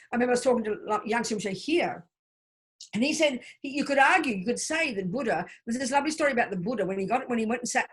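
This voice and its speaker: Husky woman teaching meditation. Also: medium pitch. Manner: warm explanatory teaching, chants mantra syllables for listeners to repeat. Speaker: Buddhist teacher. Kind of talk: teaching a study group.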